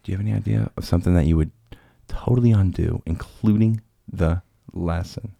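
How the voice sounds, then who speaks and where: Deep-voiced man hosting a chat. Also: a little fast, creaky, warm tone, no echo, clean studio sound. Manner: rambling, self-deprecating storyteller. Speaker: podcast host. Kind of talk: casual chat.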